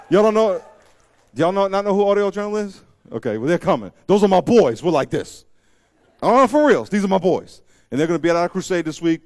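A man preaching a sermon as pastor, emphatic and repeating phrases, swinging between loud preaching and quiet asides. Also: a little high, no room sound.

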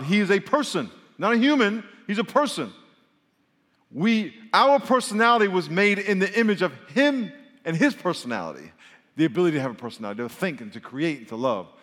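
A man's voice: fairly high pitch, fairly bright tone. A man preaching a sermon to a congregation, reading scripture and explaining it in a humorous, conversational way. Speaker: pastor. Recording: long hall reverb.

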